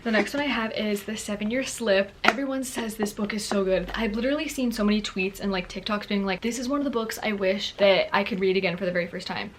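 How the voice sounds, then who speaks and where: A woman's voice: mid-range voice, fast, few pauses, slight background noise. Bubbly young woman chatting about books. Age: young adult. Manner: bubbly, chatty, lots of "like" and "girlie". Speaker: book vlogger. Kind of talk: casual chat to camera.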